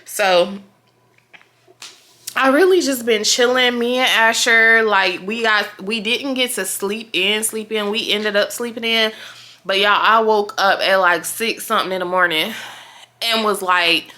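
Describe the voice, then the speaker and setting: A young woman, chatting loudly and profanely to her viewers in a casual vlog. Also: mid-range voice, a little slow. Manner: profane, loud and excitable, talks to viewers as y'all. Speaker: vlogger.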